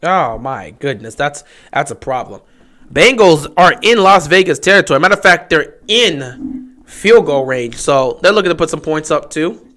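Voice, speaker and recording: A man hosting a livestream, giving casual play-by-play commentary and reacting loudly to big plays. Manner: excitable, swings from low musing to loud shouting on big plays; chatty, talks straight to players and chat. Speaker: livestream host calling the game.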